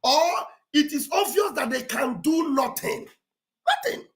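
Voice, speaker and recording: A woman gives mocking, exclamatory commentary on a livestream. Her voice sits high and swoops all over. She repeats phrases for effect and acts out what others say. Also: expressive, measured pace. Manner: acts out quoted speech with theatrical delivery.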